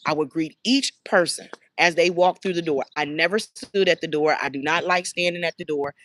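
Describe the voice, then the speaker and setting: A woman's voice: sits low, moderate pace. A woman who runs a child care center, speaking casually and emphatically, acting out bits of conversation. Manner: emphatic, animated storytelling with acted quotes. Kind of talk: casual talk to camera.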